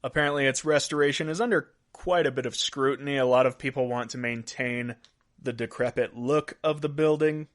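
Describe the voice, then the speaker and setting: A man's voice: mid-range voice, steady tone, fairly quick. A man hosting a podcast, reading out weird news stories in a casual way and laughing at his own jokes. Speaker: podcast host.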